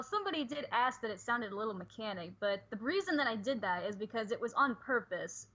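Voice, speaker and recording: A woman's voice: fairly high pitch, pushed and bright, lo-fi sound. A chatty woman who laughs easily, talking casually with a friend on a livestream. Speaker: co-host and voice actor.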